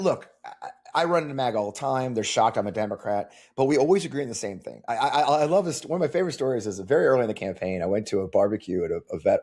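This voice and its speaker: Congressional candidate, male, quick delivery, husky voice, animated storyteller. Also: lowish voice. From Missouri. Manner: animated storyteller, many restarts. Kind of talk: conversational interview answers.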